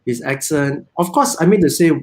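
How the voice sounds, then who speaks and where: A man's voice: on the high side, animated, fairly quick, a little mellow, poor audio. A man with a Malaysian English accent, a guest in a casual live chat, rambling with many restarts.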